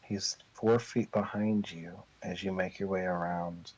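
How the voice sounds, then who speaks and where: A man narrating a tabletop game as game master, telling the story in a slow, drawn-out way. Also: low voice, steady tone, darkish tone. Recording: dull lo-fi recording.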